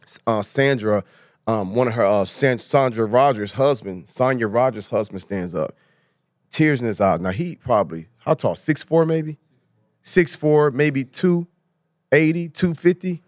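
A man's voice: mid-range voice, measured pace, dry recording, clean studio sound. Earnest man telling stories in conversation. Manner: earnest, emphatic storytelling. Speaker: motivational speaker and guest; husband, father and church elder. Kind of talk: casual conversation.

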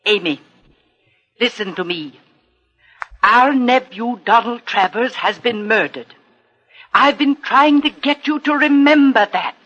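An actress playing a firm, protective older sister in a 1950s radio drama. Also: female voice, fairly high pitch, expressive, unhurried, long pauses, fairly bright tone, highs cut off. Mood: stern. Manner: firm and scolding, then frantic over money.

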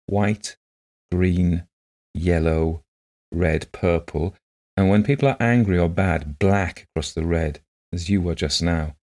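A man reading the part of a gentle, shy blind woman who talks softly and earnestly in simple phrases. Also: low-pitched, fairly even intonation, slow.

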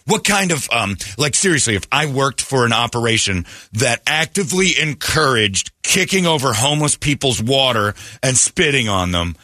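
A man's voice: mid-range voice, moderate pace, sharp tone, no room sound, studio quality, voice pushed up. A man putting on the voice of an angry young woman who is ranting shrilly and accusingly.

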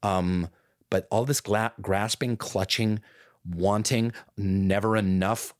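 A man with a slightly low voice chats casually as a podcast co-host. His talk is reflective and gently playful, often trailing off into soft asides. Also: fairly even intonation, slow. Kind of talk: casual conversation.

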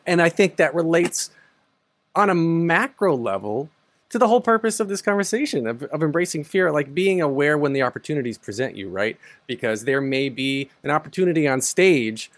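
Male co-host, animated voice, dry studio mic, thoughtful. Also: on the high side, brisk, no room sound. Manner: thoughtful, ties points together, joking asides. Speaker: podcast co-host. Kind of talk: casual interview chat.

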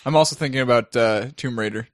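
A man's voice: medium pitch, quick pace, dry recording, clean studio sound. A man co-hosting a casual gaming podcast, joking and wry. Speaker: podcast co-host.

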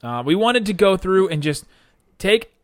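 A man hosting a sports podcast, talking in a relaxed way and laughing often. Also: sits high, measured pace, no room sound, clean studio sound. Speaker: podcast host. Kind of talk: casual podcast chat.

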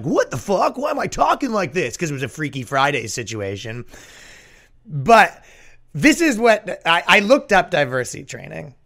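A man hosting a comedy podcast, riffing sarcastically and jumping up in pitch for mocking asides. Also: bright, forceful tone. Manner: sarcastic, jumps in pitch for mock quotes.

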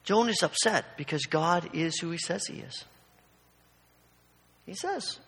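A man preaching a sermon, telling a story with animated asides and acting out the quoted voices. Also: on the high side, a little slow, pauses often, husky. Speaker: pastor. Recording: long hall reverb.

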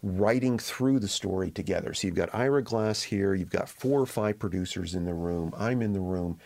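A man with a fairly low voice speaks as a guest in a podcast interview. He tells his stories in a measured, reflective way, settling into each point. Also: gravelly, darkish tone. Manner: measured, reflective anecdote-telling. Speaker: guest reporter. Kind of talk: conversational interview storytelling.

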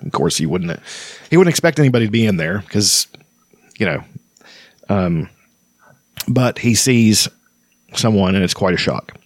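A man reading a fantasy novel aloud in a relaxed way, stumbling now and then and breaking off for chatty asides. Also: lowish voice, normal speed, pauses often, no room sound, clean studio sound. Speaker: reader.

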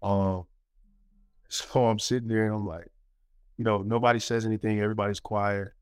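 Man, storyteller, low voice, smooth and clear, lively delivery, many fillers. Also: moderate pace, dry recording. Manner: animated storyteller, many fillers, acts out quotes. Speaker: former college basketball player, guest. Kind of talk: casual storytelling interview.

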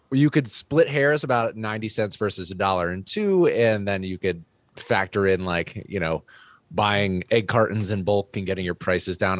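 A man's voice: fairly low pitch, dry recording. A man, a farmer, making a confident, persuasive case in a friendly debate. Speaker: farmer arguing for chickens. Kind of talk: debate argument.

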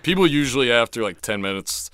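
A man in his twenties with an unusually deep voice, reflecting calmly in an interview. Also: fast talker, no echo, studio quality. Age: 20s.

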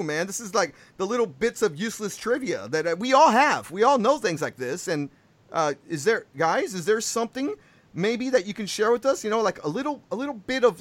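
A man's voice: high-pitched, dry recording. A man hosting a podcast, chatting casually in a rambling, jokey way. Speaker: podcast host. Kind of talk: casual chat.

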